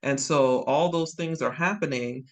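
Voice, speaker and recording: A woman's voice: low-pitched, unhurried. Woman podcast host, easy conversational tone. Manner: conversational, laughs along, lively asides. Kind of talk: casual interview chat.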